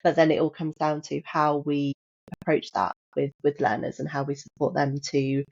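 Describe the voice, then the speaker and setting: A woman's voice: low voice, little pitch movement, moderate pace, creaky, darkish tone. A woman, a maths educator, speaking enthusiastically and reflectively in a casual podcast discussion. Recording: dull lo-fi sound.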